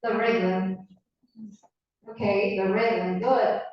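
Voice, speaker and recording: A woman teaching a class in English with an Argentine Spanish accent, Spanish her first language, asking students questions in a slow, encouraging way and often repeating her words. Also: mid-range voice, fairly even intonation. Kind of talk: classroom lecture. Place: university classroom. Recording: echoey classroom, distant mic, dull sound.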